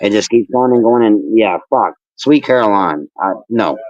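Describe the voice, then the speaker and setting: A man speaks at a moderate pace in a lowish voice, with no echo and the high frequencies cut off. He's a wrestling manager and referee appearing as a guest in a casual interview, animatedly ranting and teasing with nonstop swearing.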